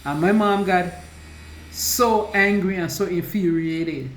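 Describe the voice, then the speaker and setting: A woman recounts her own story in a halting way, stopping to restart her sentences and slowing down when it gets heavy. Her voice rings around an echoey room, with a faint hum behind it. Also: lowish voice. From US Virgin Islands. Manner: halting, with restarts and slow emotional stretches. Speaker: survivor sharing her story. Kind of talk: personal testimony.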